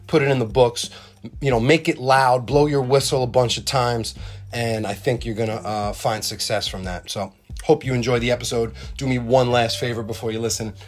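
A man hosting a podcast, telling stories about refereeing in a relaxed, chatty way. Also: mid-range voice. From New York. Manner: relaxed, anecdotal storytelling with laughs and acted quotes. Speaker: basketball referee and podcast host. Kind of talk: casual podcast chat. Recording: echoey room with faint ambient noise.

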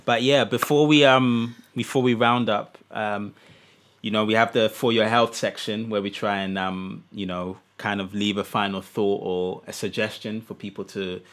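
A man co-hosting a podcast, talking eagerly in quick bursts with restarts. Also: on the low side, fairly even intonation, fairly bright tone. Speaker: podcast co-host. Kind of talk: casual chat.

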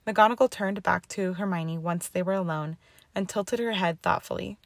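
Woman storybook narrator, low voice, dry close recording. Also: normal speed, creaky, dry recording. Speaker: audiobook narrator.

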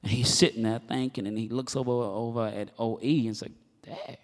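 A man's voice: mid-range voice, fairly quick, in a large hall. Impassioned male preacher in a ringing church. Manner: animated storytelling, building to impassioned preaching. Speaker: pastor. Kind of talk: sermon.

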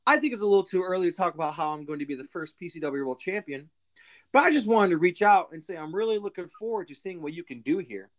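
A courteous but confident male wrestler. A narrator reads his lines quickly, in a plain everyday voice. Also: medium pitch, lightly acted. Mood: earnest.

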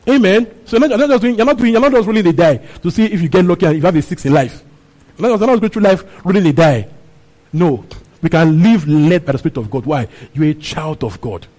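A man's voice: high voice, lively intonation, fast talker, warm tone, rough recording. A man preaching a sermon, repeating his phrases and asking the congregation questions. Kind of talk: sermon teaching on a Bible passage.

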